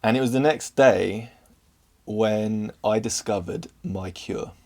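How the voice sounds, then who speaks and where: A young Englishman, a vlogger, shares a personal story to camera in an earnest, open manner, sometimes stumbling over his words. His voice sits on the low side, with a slow pace and a darkish tone.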